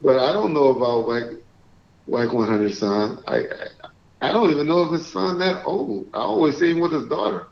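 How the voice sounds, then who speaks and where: A man hosting a live call-in stream, chatting casually and reading out shout-outs to viewers. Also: a little high, expressive, moderate pace, vocal fry. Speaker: livestream host. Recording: echoey, dull lo-fi stream audio.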